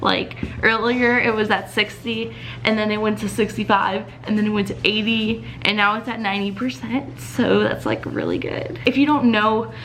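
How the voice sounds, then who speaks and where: A woman's voice: medium pitch, steady tone, normal speed, a bit bright, faint music behind, rough recording. A young woman from Louisiana, chatting in a bubbly, giggly way to her vlog camera at home. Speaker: vlogger. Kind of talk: casual vlog chat.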